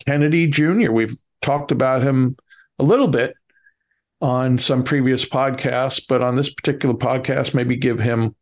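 A middle-aged man with a Bronx accent and a medium-pitched voice cohosts a podcast in casual chat. He speaks haltingly, often stammering and restarting.

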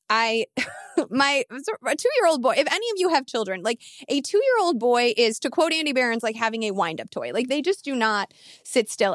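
A woman in her thirties, a fantasy football analyst telling an animated, emphatic story in casual podcast talk. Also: high voice, no room sound, clean studio sound. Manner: animated, emphatic, quick asides.

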